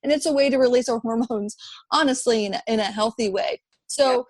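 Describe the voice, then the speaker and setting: A woman's voice: on the high side, a little fast, no room sound. A woman in her thirties, a podcast guest, talking earnestly in a conversational interview and often repeating words as she thinks. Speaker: podcast guest, app founder.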